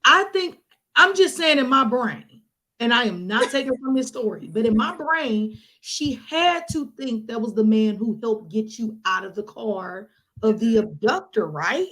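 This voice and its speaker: Woman cohost, kinda high voice, keeps jumping in w questions. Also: lively intonation, a little slow, a bit bright, poor audio. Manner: interjecting, questioning. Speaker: podcast co-host. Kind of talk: casual chat.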